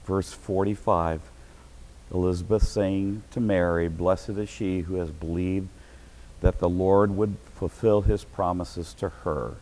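A middle-aged man preaching a sermon as pastor, breaking into sudden shouted bursts of excitement. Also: low-pitched, unhurried, low-quality recording.

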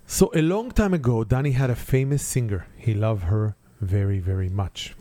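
A man with an Israeli accent telling a story to his kids in a casual family setting. He tells it in lively storyteller fashion, using simple, non-native grammar. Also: on the low side, moderate pace, no echo.

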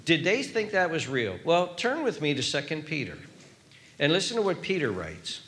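An older man preaching a sermon, emphatic, pushing his voice up high on questions and then dropping it low. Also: sing-song, moderate pace, a bit bright, a little hiss or hum. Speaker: pastor.

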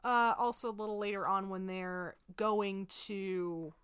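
Female podcast co-host, smooth clear voice, easygoing. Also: mid-range voice, measured pace, a bit bright, dry recording, studio quality. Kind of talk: casual movie podcast chat.

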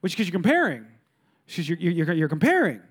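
A man's voice: high voice, huge pitch swings, a little fast, slightly rough. A middle-aged male pastor preaching a sermon, full of rhetorical questions and mock voices of complainers.

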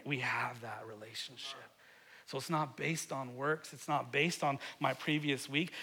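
Middle-aged guy preaching, high bright voice, earnest, goes loud then real quiet. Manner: earnest, repeats words when stirred, swings from loud to hushed. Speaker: pastor. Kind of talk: sermon.

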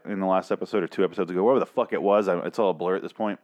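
A man's voice: fairly low pitch, racing, hardly any pauses, muffled recording. A man casually recapping a TV episode, rambling and swearing, with sarcastic asides.

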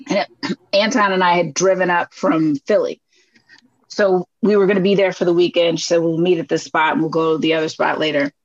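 A woman from Brooklyn chats casually and tells stories with animation, playing out the voices of people she quotes. Her voice is husky. The recording sounds dull and dry, close to the mic. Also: lowish voice, brisk, no echo. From Brooklyn, New York. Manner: animated, acts out quoted dialogue with laughs. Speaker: guest. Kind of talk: casual storytelling conversation.

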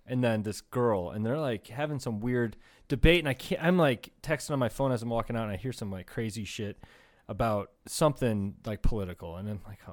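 A young man chats on a comedy podcast, trading jokes with his co-host and slipping into voices for the people he describes. He swears freely and laughs through his own stories, his pitch sitting in the middle for a man. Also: darkish tone. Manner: profane, laughing storyteller, acts out quotes. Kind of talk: casual comedy podcast chat.

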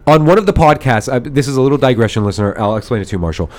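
A man hosting a podcast, telling a story in an animated, digressive way, swearing freely and recording in a studio. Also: medium pitch, rapid-fire. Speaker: podcast host. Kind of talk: casual storytelling chat.

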